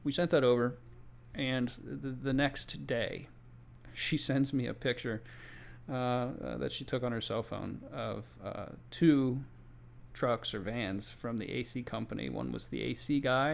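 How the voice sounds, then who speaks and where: Gravelly-voiced man telling a work story. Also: medium pitch, steady tone, unhurried. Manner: conversational, with exasperated asides. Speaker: home inspector. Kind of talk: casual first-person storytelling. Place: Florida.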